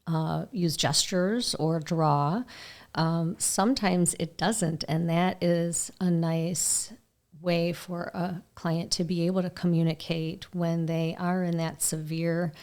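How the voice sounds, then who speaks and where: A woman's voice: sits low, a little mellow. A woman speech pathologist guest explaining things methodically in a podcast interview, with some "um"s along the way.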